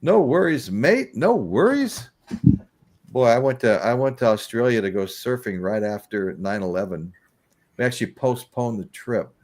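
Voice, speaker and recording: Middle-aged man in a loose, chatty live-stream talk, rambling through stories and laughing as he goes. His voice sits a bit low. He talks with an easy, offhand looseness. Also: moderate pace, darkish tone. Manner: rambling storyteller, laughs often. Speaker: host. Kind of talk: casual chat on a live stream.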